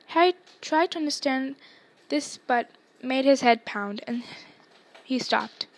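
A woman podcaster reading a novel chapter aloud in a steady storytelling manner, with small slips. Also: high-pitched, takes it slowly. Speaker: podcast reader.

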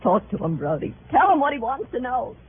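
A shaken widow pleads anxiously in a high voice. The old broadcast sounds tinny, with a faint hiss. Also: female voice, very animated, brisk. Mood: pleading. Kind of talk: 1940s radio acting.

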